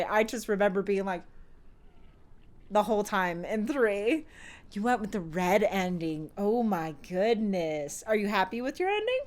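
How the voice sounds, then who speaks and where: A woman game streamer who reads in-game lore entries aloud in a quiet, even voice and chats animatedly with her viewers. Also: mid-range voice, measured pace. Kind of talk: casual live-stream chat and reading game lore aloud.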